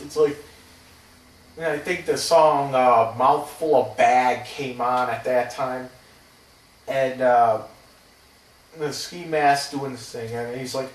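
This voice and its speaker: A man's voice: mid-range voice, steady tone, slow pace, pauses often. A man in his thirties rambling through a personal story, hesitant and casually swearing. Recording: roomy, distant from the mic.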